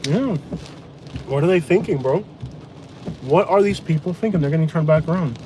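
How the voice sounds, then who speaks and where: A man vlogging live from inside a truck during a hurricane, talking in a blunt, mocking, excitable way. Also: on the high side, moderate pace. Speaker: storm-chasing vlogger. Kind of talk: live storm commentary. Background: rain and wind.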